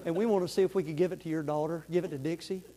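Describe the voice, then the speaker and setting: A man preaching a sermon, telling a story with lively energy before turning soft and earnest. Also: on the high side, racing. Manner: animated, rising to near-shouting in the story, dropping soft and earnest for the appeal. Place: church sanctuary. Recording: long hall reverb.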